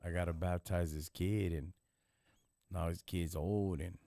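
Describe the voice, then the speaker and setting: A man's voice: deep voice, steady tone, unhurried, mellow, no echo, studio quality. A man hosting a live stream, talking in casual, blunt street slang and lecturing at times. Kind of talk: casual chat.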